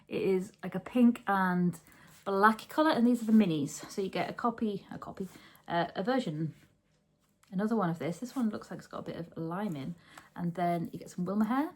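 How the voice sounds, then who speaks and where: A woman's voice: mid-range voice, moderate pace. A woman chatting casually at home as host of a knitting podcast, rambling and often correcting herself. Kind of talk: casual chat.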